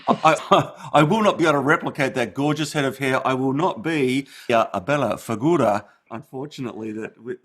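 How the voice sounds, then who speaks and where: A man co-hosts a podcast interview at an everyday middle pitch. He tells stories in a lively, joking way, full of asides and playful self-mockery. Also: fairly quick, hardly any pauses. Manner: animated, joking storyteller. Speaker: co-host. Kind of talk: casual interview chat.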